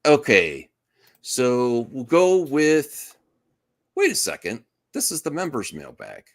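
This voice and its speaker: A man's voice: mid-range voice, huge pitch swings, slow pace. A man hosting a podcast in casual chat, rambling and restarting his sentences and laughing often. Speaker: podcast host.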